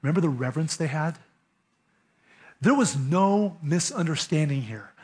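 A man delivers a sermon in a fairly high-pitched voice. He preaches emphatically and conversationally, speaking directly to his listeners. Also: expressive, moderate pace. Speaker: pastor.

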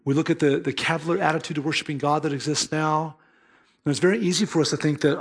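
A man's voice: a little high, fairly even intonation, fast talker, husky. A man preaching a sermon as pastor, earnest and emphatic, mixing scripture with storytelling.

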